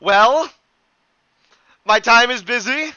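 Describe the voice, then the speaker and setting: A man voicing a booming, pompous male god who speaks in grand, old-fashioned phrases. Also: slow pace, pushed and bright, smooth, no room sound, exaggerated voice. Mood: haughty. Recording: dull lo-fi, dry.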